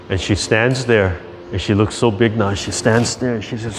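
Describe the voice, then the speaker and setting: A man's voice: on the low side, steady tone, moderate pace, faint music behind. An older man, a tai chi instructor telling laughing, easygoing stories between exercises over a video call. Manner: laughing, easygoing, tags lines with "yeah?" and "right?". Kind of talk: chatty storytelling between exercises.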